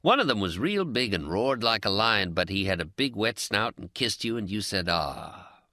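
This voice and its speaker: A man reading an audiobook and voicing a calm, teasing male friend who is a pipe smoker with a Zen streak. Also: on the low side, no room sound, heavily acted. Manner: teasing, dry, unhurried. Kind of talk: audiobook character dialogue.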